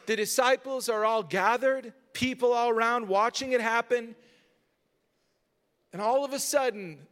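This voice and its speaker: A man's voice: high-pitched, unhurried, fairly bright tone. Man, pastor, conversational sermon, emphatic, church sanctuary, long reverb. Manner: conversational preaching, rising to emphatic.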